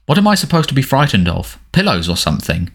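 A man's voice: medium pitch, huge pitch swings, fast, voice pushed up. A man doing a mocking teenage boy. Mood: uneasy. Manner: mocking, sardonic. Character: sarcastic teenage boy, defiant and needling.

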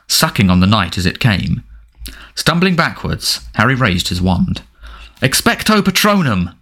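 A man with a lowish voice reading a storybook aloud. His delivery is dramatic and expressive, with pitch that rises and falls widely. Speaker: narrator. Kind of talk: audiobook narration.

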